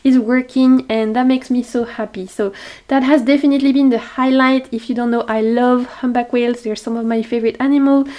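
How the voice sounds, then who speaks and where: A woman with a French accent, chatting brightly to camera in a tarot vlog, laughing often. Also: a little high, fairly even intonation, a little fast, muffled recording. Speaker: tarot vlogger. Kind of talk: casual chat to camera. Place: home on a tropical island. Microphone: camera facing the speaker.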